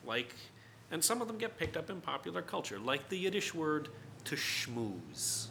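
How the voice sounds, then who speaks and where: A man's voice: on the high side, big pitch swings, normal speed, creaky, bright, forceful tone, slight background noise. A man, a writer, telling a personal story in a conversational, digressive way with many fillers.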